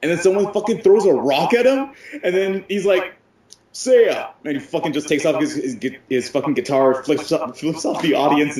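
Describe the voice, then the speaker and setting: A young man co-hosting a podcast, telling stories in an animated, profane, casual way. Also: on the high side. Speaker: podcast co-host. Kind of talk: casual chat. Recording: echoey room.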